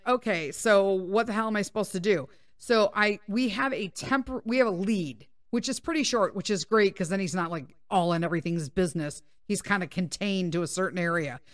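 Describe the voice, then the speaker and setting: A woman podcast host telling a story in casual chat, animated and full of swearing. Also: mid-range voice, dry recording, studio quality. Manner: profane, animated, laughing.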